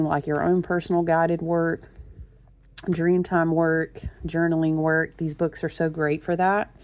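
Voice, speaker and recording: Gushing woman with a gravelly low voice. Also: mellow, dry recording. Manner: gushing, chatty, addresses viewers as y'all. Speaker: tarot reader. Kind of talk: casual chat.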